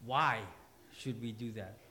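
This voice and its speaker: A man's voice: medium pitch, measured pace, bright, forceful tone. A man preaching a sermon in church with a light tinge, joking with the congregation. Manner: joking, playful asides to the congregation. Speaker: pastor.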